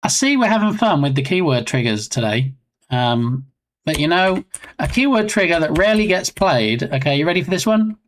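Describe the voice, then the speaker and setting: A man's voice: on the high side, animated, moderate pace. A man chatting casually on a live game development stream, rambling and self-mocking.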